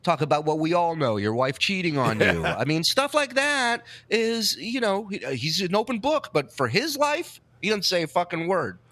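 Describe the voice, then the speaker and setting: A man co-hosting a podcast, with a bright, forward voice and lively intonation. He talks in a casual, emphatic and profane way. His voice is recorded dry and close. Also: high voice, normal speed, hardly any pauses, no room sound. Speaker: podcast co-host. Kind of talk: casual mocking chat.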